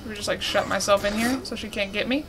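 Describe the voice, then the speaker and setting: A woman's voice: mid-range voice, fast talker, noisy background. A young woman giving casual let's-play commentary, frantic and swearing as she talks to her viewers. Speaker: gaming streamer.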